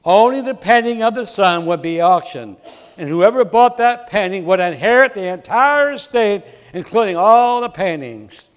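A firm, persistent male auctioneer calls out bids insistently, played by a preacher. His voice runs a little high. A long hall reverb hangs behind each call. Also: lively intonation, normal speed, smooth. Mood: solemn.

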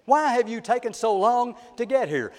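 A man's voice: very high voice, animated, normal speed, darkish tone, big-room sound, pitched above the performer's own voice. A man voicing an impatient, demanding rich king. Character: impatient rich male king bribing a prophet.

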